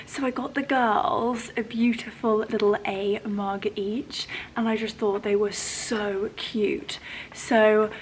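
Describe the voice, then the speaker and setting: A woman's voice: mid-range voice, little pitch movement, takes it slowly, slight background noise, poor audio. A woman chatting casually and gushing as she unboxes things at home. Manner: gushing, effusive. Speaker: vlogger.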